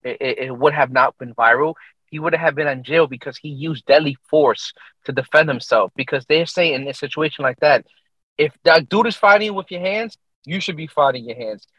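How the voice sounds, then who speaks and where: A man's voice: fairly high pitch, normal speed, pushed and bright, no echo, low-quality recording. A man in a casual, profane podcast chat who laughs and tells loose stories.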